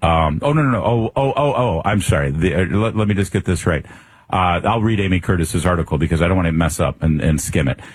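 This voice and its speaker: Husky, sarcastic male talk radio host. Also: sits low, expressive, fairly quick, no room sound. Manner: sarcastic, combative. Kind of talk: political talk radio monologue.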